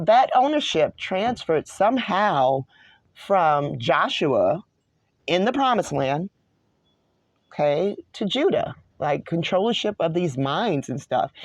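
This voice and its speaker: This mid-forties online show host from New York speaks at a medium pitch in a dry, close recording with no room sound. Their solo study talk wanders from point to point in a rambling, digressive way, and they stop often to correct themselves.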